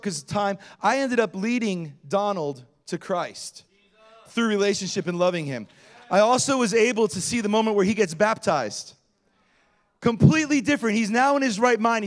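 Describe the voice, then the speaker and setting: Animated storytelling man preaching. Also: high-pitched. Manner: animated storyteller acting out quotes. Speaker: pastor. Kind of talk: sermon storytelling.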